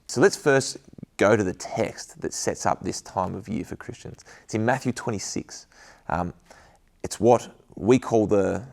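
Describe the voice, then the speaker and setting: A man with a low, gravelly voice delivers an earnest devotional talk. He keeps it conversational, with frequent pauses and ums. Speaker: school chaplain giving a devotional.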